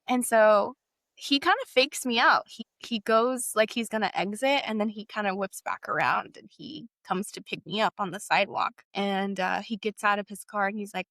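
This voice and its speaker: A woman's voice: medium pitch, normal speed, fairly bright tone, no room sound. A young woman from Texas talks through a personal story as an interview guest, her mid-range voice recorded dry and close. She speaks casually and fills her sentences with "like". She slips into quoting the people she remembers as she goes. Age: young adult. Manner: casual, heavy use of "like", acts out past dialogue.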